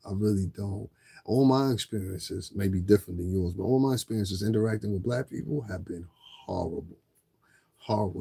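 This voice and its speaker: A man's voice: low-pitched, vocal fry, dark tone, husky. A man livestreaming a casual, rambling, profane rant to viewers, often repeating himself. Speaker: livestreamer asking viewers for donations.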